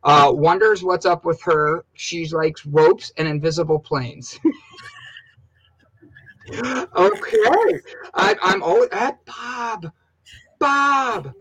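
A man co-hosting a casual live stream, excitable, laughing often and calling out viewer names. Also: a little high, a little slow, husky, low-quality recording. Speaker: livestream co-host.

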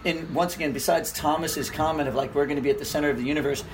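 Man, high voice, casual storytelling, faint background noise. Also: very fast. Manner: animated storyteller who puts on an Irish accent for quotes. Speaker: ultrarunner guest. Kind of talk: casual chat over beer. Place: garage.

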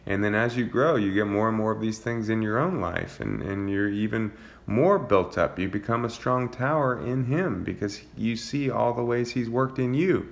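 A man leading an informal Bible study, reading psalms aloud and explaining them in a relaxed, searching way. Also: lowish voice, moderate pace, gravelly. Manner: reads psalm passages aloud, then comments in a relaxed, searching way with fillers. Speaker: Bible teacher.

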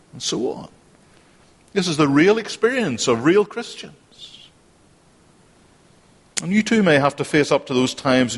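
A man's voice: mid-range voice, husky. A man preaching a sermon, earnest and repeating phrases for emphasis. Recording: long hall reverb.

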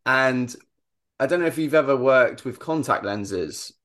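Animated man telling a story. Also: mid-range voice, unhurried. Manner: animated storytelling, self-deprecating. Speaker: podcast host. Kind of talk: casual interview chat.

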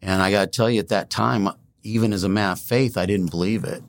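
A man's voice: lowish voice, fairly even intonation, fairly quick. A man telling his personal faith story as a guest in a studio interview, earnest and emphatic. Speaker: guest, non-profit founder. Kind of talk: personal testimony in conversation.

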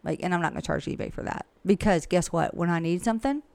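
A woman speaking in a lowish voice with a gravelly edge, chatty and frank, with plenty of asides. She sounds like a real estate coach talking shop in a relaxed interview. The sound is dry and close. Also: quick pace, no room sound. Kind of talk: casual conversational interview.

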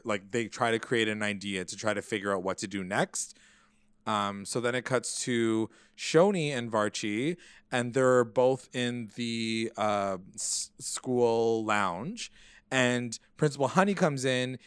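A man's voice: mid-range voice, slow pace, fairly bright tone, clear, resonant tone, no echo. A man co-hosting a podcast, telling a recap in a rambling, casual way that is full of fillers. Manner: rambling, filler-heavy storytelling. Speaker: podcast co-host.

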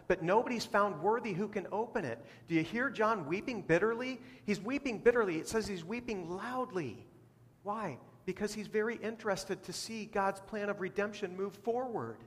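A man's voice: on the high side, a bit bright. Preaching man in a reverberant hall. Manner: preaching with rising bursts of emphasis. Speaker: pastor. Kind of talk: sermon.

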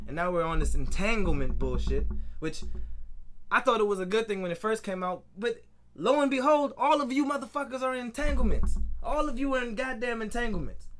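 A man's voice: mid-range voice, fairly bright tone. A young man hosting his own podcast, ranting alone in a frustrated, profane way and often restarting his sentences. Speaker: podcast host. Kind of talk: solo podcast rant.

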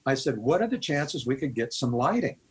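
Older man from the Midwest, husky voice, rambling storyteller who quotes everyone. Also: medium pitch, big pitch swings, brisk, low-quality recording. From American Midwest. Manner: rambling anecdotes with laughs and quoted dialogue. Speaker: guest musician. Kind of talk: storytelling interview.

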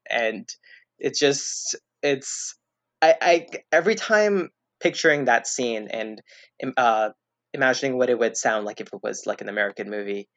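A man chatting casually as a podcast guest, rambling and hesitant, restarting his sentences and filling pauses as he goes. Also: medium pitch, a bit bright, dry recording. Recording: dull lo-fi dry recording.

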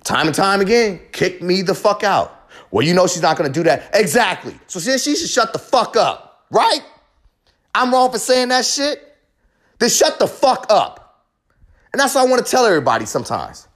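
A man's voice: sits high, big pitch swings, brisk, fairly bright tone. A man delivering a confessional monologue in a heated, profane, emphatic rant, hammering home short repeated phrases.

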